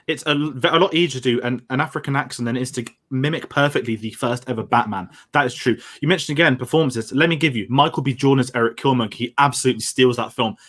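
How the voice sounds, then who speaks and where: A man debating at a rapid clip on a podcast. He argues forcefully, piling one point onto the next. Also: medium pitch. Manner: fast, forceful arguing.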